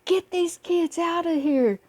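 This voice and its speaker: Woman doing a crotchety old man, querulous, pleading, pitched up high. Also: takes it slowly, darkish tone. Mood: angry. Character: desperate crotchety old man in a retirement home.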